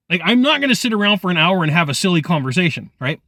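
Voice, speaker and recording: A man giving energetic direct-to-camera sales training, emphatic and animated, acting out people's reactions as he talks. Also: high voice, quick pace, dry recording, studio quality.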